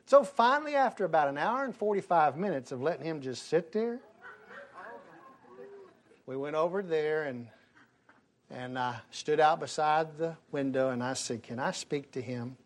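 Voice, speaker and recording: Man, storyteller, somewhat high voice, lively delivery with voices for each character. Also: normal speed, long pauses. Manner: animated, acts out the people in his story. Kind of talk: telling a personal story to an audience.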